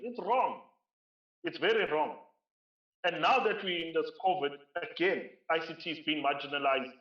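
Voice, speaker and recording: A man's voice: fairly high pitch, normal speed. Emphatic South African man at a keynote. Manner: emphatic, repeats phrases for stress. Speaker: keynote speaker. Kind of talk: conference keynote speech. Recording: roomy, distant, dull lo-fi sound.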